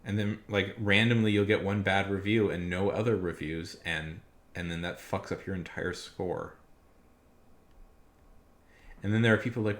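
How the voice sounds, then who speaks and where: A young man streaming live, chatting casually and rambling with many fillers, getting loud when he rants. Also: low voice, fairly even intonation, moderate pace, pauses often.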